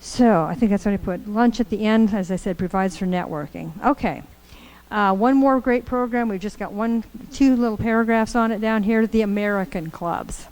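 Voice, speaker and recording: A woman leads a training session in a meeting room, talking in a lively, conversational way. Her voice sits at an ordinary middle pitch for a woman. She tells stories to make her points. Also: normal speed, low-quality recording. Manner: conversational, upbeat, storytelling with acted quotes. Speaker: course trainer. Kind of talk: training lecture to a group.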